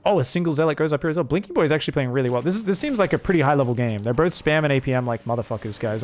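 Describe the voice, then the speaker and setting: A young man casting a live strategy game, excitable and crude, rambling between plays and shouting at the action. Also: on the high side, very fast, few pauses. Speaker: game caster.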